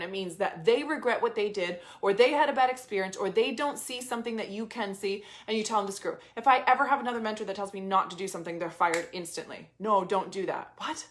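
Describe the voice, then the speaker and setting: A woman's voice: mid-range voice, quick pace, few pauses, fairly bright tone. A woman in her thirties giving a casual motivational talk as a business coach, emphatic, repeating phrases and swearing casually.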